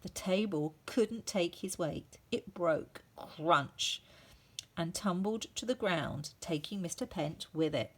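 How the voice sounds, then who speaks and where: Woman teacher reading a children's book, slow and low-pitched, expressive. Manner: expressive, sounding out effects. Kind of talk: storybook reading aloud.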